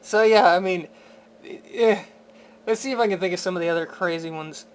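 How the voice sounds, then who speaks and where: A man's voice: high voice, fairly quick. Incredulous, profane man ranting about a film. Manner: incredulous, profane, stammering restarts, laughing. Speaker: film reviewer. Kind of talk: casual spoken rant.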